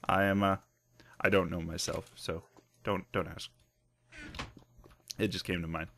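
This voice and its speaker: A man hosting a let's play who gives casual, excitable commentary with lots of laughs and jokes at his own expense. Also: sits low, a little slow, gravelly, pauses often. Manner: excitable, self-mocking, laughs often.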